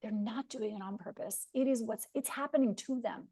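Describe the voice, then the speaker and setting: A woman's voice: fairly high pitch, fairly quick, dark tone, breathy edge, dry recording. A woman hosting a podcast interview, speaking in an encouraging and affirming way. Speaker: podcast host.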